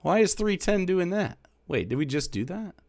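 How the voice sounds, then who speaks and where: A man's voice: high-pitched, sing-song, normal speed, vocal fry, darkish tone, slight background noise. A male streamer in casual live-stream chat, sarcastic and mocking as he argues with viewers.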